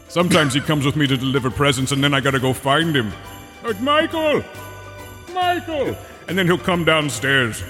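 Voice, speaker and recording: A man's voice: mid-range voice, fairly bright tone, lightly acted. A man playing a crude, tired mall Santa in an improvised comedy role-play, drawing out his words and slipping in profane asides. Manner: slow, drawn-out delivery with sudden profane asides. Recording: echoey, with faint music behind.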